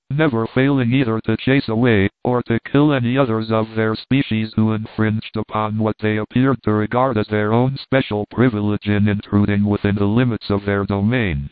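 Male audiobook narrator, steady and measured; dry, lo-fi phone-like recording. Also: lowish voice, smooth, no echo. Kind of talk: audiobook reading. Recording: tinny phone-like dry sound.

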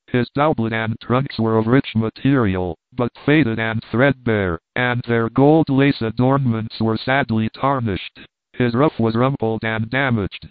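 Guy narrating an old novel, steady pace, tinny dry audio. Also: medium pitch, no room sound. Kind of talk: storybook narration. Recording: dry tinny phone-like sound.

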